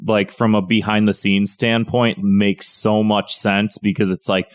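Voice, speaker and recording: A man's voice: on the low side, flat delivery, unhurried. A young man co-hosting a podcast, rambling and swearing in casual chat with lots of fillers. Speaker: podcast co-host.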